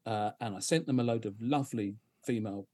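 Husky man telling stories. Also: on the low side, brisk. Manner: animated storyteller, acts out others' lines, frequent laughs and restarts. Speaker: interview guest, advertising professional. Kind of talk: conversational podcast interview.

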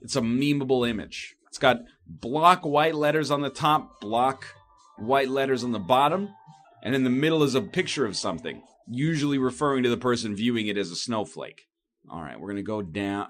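A man's voice: mid-range voice, sing-song, normal speed, a bit bright, faint music behind. A man in his thirties delivering a wry, self-mocking comedic monologue full of tangents.

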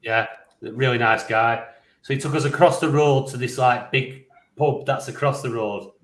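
A man, a podcast co-host telling a lively, rambling story, swearing freely and laughing along. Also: medium pitch, normal speed, roomy sound. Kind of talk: casual anecdote telling.

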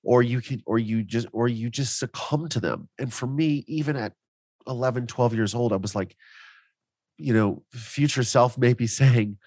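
A man's voice: medium pitch, normal speed, a little mellow, no echo. A man guesting on a podcast, telling his story in a heartfelt way, at times close to emotional. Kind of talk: casual interview chat.

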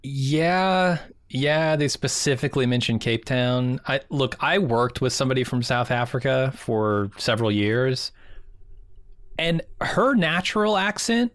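A man's voice: mid-range voice, lively intonation, measured pace, fairly bright tone, no room sound. Guy cohosting a tv recap podcast, dry joking tone, mid voice, dead dry room. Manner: wry, joking. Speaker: podcast co-host. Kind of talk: casual chat.

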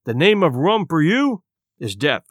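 A man's voice: fairly high pitch, sing-song, a little slow, no echo, clean studio sound. A man reading an audiobook, voicing a blunt doctor who lectures firmly. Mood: stern. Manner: firm, scolding.

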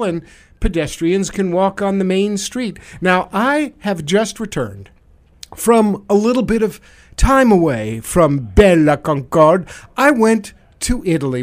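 A man hosting a talk radio show, telling stories in a casual, sarcastic, joking way. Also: high voice. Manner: sarcastic, jokey storytelling.

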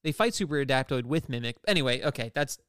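A man's voice: medium pitch, expressive, fast talker, heavy background noise. A man co-hosting a podcast, explaining comic backstory in casual chat and often correcting himself mid-sentence. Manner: rambling, self-correcting explainer. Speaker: podcast co-host, comics expert. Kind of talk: casual chat recapping an episode.

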